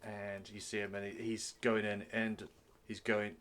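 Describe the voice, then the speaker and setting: A man's voice: fairly low pitch, little pitch movement, measured pace, a bit bright. A man narrating as game master on a streamed tabletop game, telling the story loosely with many restarts.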